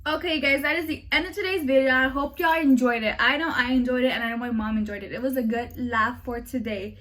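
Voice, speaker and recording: A woman's voice: sits high, fairly even intonation, fast, fairly bright tone. A young woman, chatting and giggling as she vlogs from a car. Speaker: vlogger. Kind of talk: casual vlog chat. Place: in a car on city streets. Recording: street traffic noise. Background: traffic noise.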